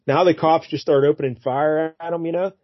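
A man's voice: fairly high pitch, fairly even intonation, fairly quick, no room sound. A man co-hosting a podcast, casually recapping a comic book and putting on silly voices for the characters. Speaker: podcast co-host. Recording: dull lo-fi dry recording.

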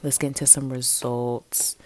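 A woman's voice: extremely low pitch, flat delivery, measured pace, darkish tone. A young woman hosting her own casual sports podcast, chatting with lots of fillers and playful asides into a home mic. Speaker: podcast host.

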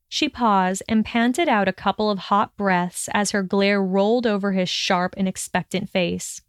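A woman reads a story aloud with steady, expressive narration. Her voice is smooth and clear, recorded dry and close with no room sound. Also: mid-range voice, moderate pace, no room sound. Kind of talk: reading fan fiction aloud.

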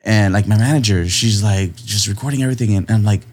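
A man with a fairly low voice tells a story in loose, slangy conversation. He leans on casual words like dude and bro, and his voice jumps high whenever he acts out what other people said. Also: fast talker, husky. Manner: animated, jumps high in pitch when quoting people; slangy, laid-back, says dude and bro a lot. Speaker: guest artist.

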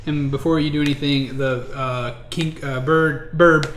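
A man's voice: a little high, fairly even intonation, measured pace. A man narrating a tabletop game as game master, hesitant with many fillers and restarts. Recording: echoey room, faint noise.

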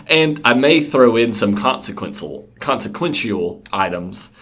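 A man from Georgia co-hosting a tabletop gaming podcast, explaining things plainly in relaxed casual chat and laughing easily. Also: medium pitch, measured pace. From Georgia, USA. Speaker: podcast co-host.

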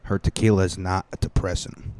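Deep-voiced crude podcast comedian. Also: male voice, little pitch movement, fairly quick, darkish tone, slight background noise. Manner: crude, rambling, many fillers and restarts. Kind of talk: casual comedic monologue.

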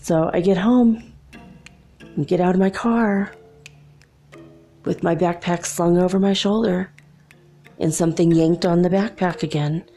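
A woman's voice: fairly low pitch, fairly even intonation, measured pace, pauses often, warm tone, soft background music. A young adult woman telling a personal story in a casual, chatty way, laughing often between remarks.

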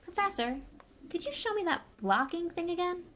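A woman's voice: very high voice, lively intonation, normal speed, a bit bright, a little hiss or hum, pitched above the performer's own voice. A woman voicing a nervous but defiant schoolboy wizard in a storybook reading.

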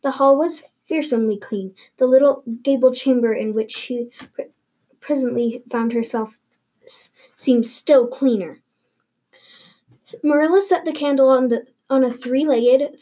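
A woman's voice: high voice, normal speed, warm tone. A woman reading a novel aloud, stumbling and restarting often. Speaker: reader.

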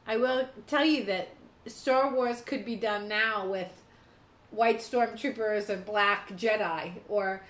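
A woman's voice: medium pitch, fairly bright tone. Emotional woman chatting in an echoey room. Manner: emotional, talks fast in bursts. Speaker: podcast co-host. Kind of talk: casual chat.

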